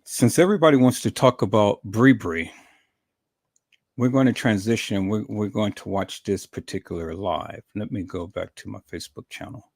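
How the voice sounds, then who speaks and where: A man's voice: fairly low pitch, moderate pace, a little mellow. A man hosting a commentary live stream, greeting chat viewers by name and often calling his audience "peoples", with many repeated words. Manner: repetitive, addresses viewers as "peoples".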